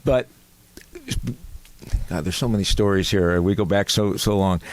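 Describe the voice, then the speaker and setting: A man's voice: low-pitched, unhurried. A man hosting a casual interview, leading the guest with chatty questions and setting up his stories. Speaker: interview host.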